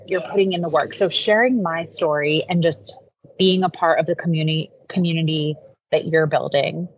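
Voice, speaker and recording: A woman guest on a podcast, chatting in an earnest, casual way and leaning on "like" a lot. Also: on the low side. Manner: earnest, heavy use of "like". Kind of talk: casual interview chat. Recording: slightly dull lo-fi audio, faint noise.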